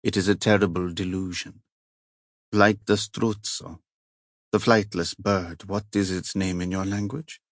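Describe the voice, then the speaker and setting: A narrator puts on a grave Italian monk, a man at ease with his power, with a heavy Italian accent. He talks slowly and solemnly in a lowish voice, in the dry, close sound of an audiobook recording. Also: level tone, dry recording. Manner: slow, solemn and measured.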